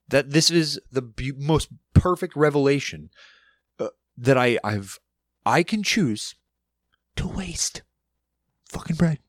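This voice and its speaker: A man's voice: medium pitch, animated, slow, pauses often, dry recording, studio quality. Profane rambling man, casual podcast. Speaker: podcast guest. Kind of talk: casual monologue.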